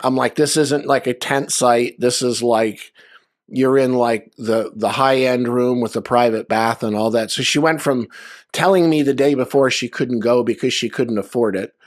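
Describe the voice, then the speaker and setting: A man's voice: medium pitch, fairly even intonation, moderate pace, dry recording, clean studio sound. A man sharing loose, conversational anecdotes at a memorial over a video call, with lots of fillers. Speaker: memorial speaker. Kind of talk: storytelling at a memorial.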